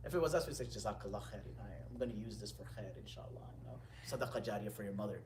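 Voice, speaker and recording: A man teaching a religious gathering, telling stories with lively retelling, quoting Arabic lines and then translating them. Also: lowish voice, racing, background noise. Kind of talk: storytelling lecture. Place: indoor gathering room. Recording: echoey room, distant mic.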